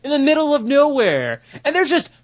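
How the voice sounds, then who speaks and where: Young man, higher voice, animated profane storyteller doing quick character voices; muffled lo-fi podcast audio. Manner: animated, profane, laughing while telling, acts out quoted voices. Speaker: podcast co-host telling stories. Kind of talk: casual storytelling chat.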